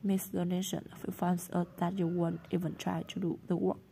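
A woman's voice: fairly low pitch, flat delivery, moderate pace, vocal fry, dark tone, a little hiss or hum. A woman reading the part of a cross, curt mother in a storybook.

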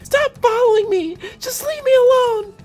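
A man putting on a shrill upset teenage girl. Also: moderate pace, soft background music. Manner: high-pitched shouting in falsetto.

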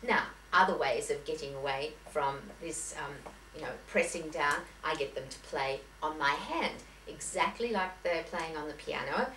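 Addressing a room of teachers, a woman piano teacher talks chattily and anecdotally, with lots of restarts and self-corrections. Her low voice sounds pushed and bright, at normal speed with hardly any pauses, heard from afar in an echoey lecture room with faint hiss.

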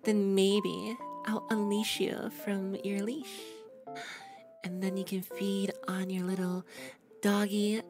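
A man putting on the voice of a teasing, domineering young woman, with slow, purring, mocking delivery. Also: high voice, little pitch movement, music in the background, pitched above the performer's own voice. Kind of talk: streamer doing a character voice.

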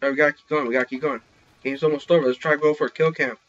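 A young man giving excited live commentary while playing an online shooter, talking into a headset. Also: fairly high pitch, rapid-fire. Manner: excitable, reacting loudly to kills. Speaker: gaming channel host. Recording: slightly dull lo-fi recording.

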